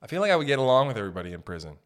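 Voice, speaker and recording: Male podcast host, mid-pitched, rambling and self-deprecating. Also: big pitch swings, very fast, fairly bright tone. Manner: rambling, self-mocking, drops into silly put-on voices. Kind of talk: casual solo podcast rambling. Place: home podcast setup.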